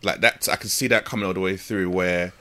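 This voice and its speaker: Deep, bright-toned male podcast host. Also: steady tone, a little fast. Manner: reflective and affirming. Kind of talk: casual conversational interview.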